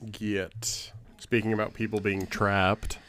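A man's voice: on the low side, little pitch movement, slow, noisy background. A man co-hosting a podcast in casual chat, making dry, sarcastic quips. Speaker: podcast co-host.

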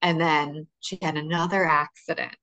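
A podcast co-host chats casually and tells stories, laughing often. Her voice is deep and bright with a forceful tone, fairly even intonation, and normal speed, though the recording is muffled.

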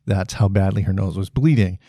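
A man's voice: low voice, brisk, mellow, no room sound, clean studio sound. A man in his thirties hosting a solo podcast monologue, talking bluntly and with frustration, swearing freely and breaking off into restarts. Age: 30s. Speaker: podcast host.

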